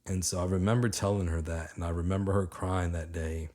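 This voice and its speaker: A man in his thirties giving an energetic, conversational motivational talk, often checking in with his listeners. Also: low-pitched, a little fast, hardly any pauses. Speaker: motivational speaker.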